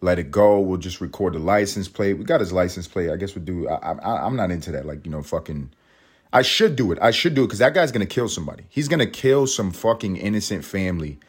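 A man hosting a podcast, telling a story in an animated way and swearing constantly. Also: deep voice, fast talker, breathy edge. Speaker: podcast host. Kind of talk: storytelling monologue.

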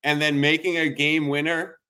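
A man co-hosting a sports podcast, talking in a casual, animated way as he tells stories. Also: fairly high pitch, normal speed, clear, resonant tone. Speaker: podcast co-host.

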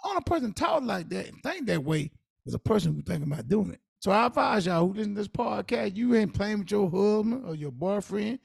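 A man's voice: high-pitched, lively intonation, fairly quick, vocal fry, breathy edge, dry recording, studio quality. A man co-hosting a podcast, giving earnest, preachy advice in casual talk. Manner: earnest, preachy advice with Southern Black vernacular. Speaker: podcast co-host.

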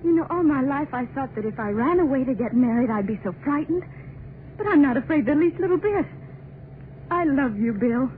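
An actress playing a young wife named Peg in a 1930s radio drama, murmuring words over and over as if in a daze. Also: female voice, high voice, animated, fairly quick, a little hiss or hum. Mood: tender. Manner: repeats words in a dazed murmur. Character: anxious young wife Peg, dazed and dreamy. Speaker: lead character. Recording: tinny old radio broadcast with music.

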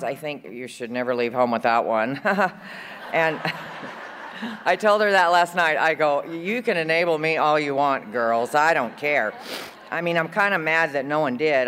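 A woman's voice: low-pitched, normal speed, a bit bright, slight background noise. Woman at a conference podium, chatty and rambling, large reverberant hall. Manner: chatty, rambling, fond, with frequent fillers and laughs. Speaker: conference speaker. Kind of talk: recovery share at a conference.

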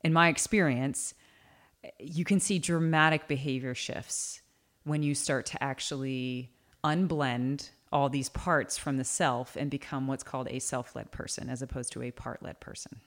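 Podcast cohost, mid pitch, thoughtful, talking through ideas. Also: steady tone, normal speed, a bit bright. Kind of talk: casual podcast conversation.

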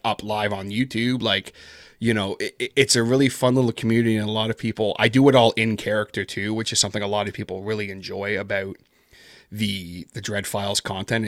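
A horror narrator on a podcast, this man has a lowish, slightly bright voice captured in a clean studio with no room sound. He rambles casually through the interview, leaning on fillers and putting himself down.

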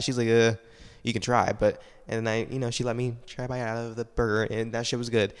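A man's voice: medium pitch, level tone, quick pace, clear, resonant tone, in a large hall. A young man talking casually and at length about his life. He is tired, rambles, leans heavily on "like" and swears often. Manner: rambling, heavy use of "like", frequent swearing. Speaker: solo podcaster. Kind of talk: casual personal monologue.

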